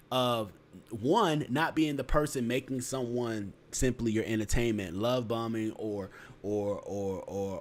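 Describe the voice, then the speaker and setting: A man's voice: mid-range voice, a little mellow. Blunt, profane man giving relationship advice. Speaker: podcast host. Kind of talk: casual podcast chat.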